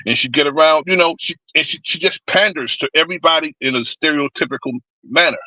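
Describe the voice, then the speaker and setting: A man's voice: a little high, brisk, sharp tone, no room sound, poor audio. A man on a live stream giving a blunt, rambling political rant, cursing freely. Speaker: stream panelist.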